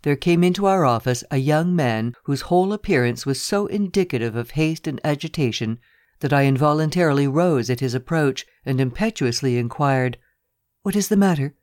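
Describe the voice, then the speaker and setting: Measured first-person audiobook narrator. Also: mid-range voice, lively intonation, a little mellow, dry recording, clean studio sound.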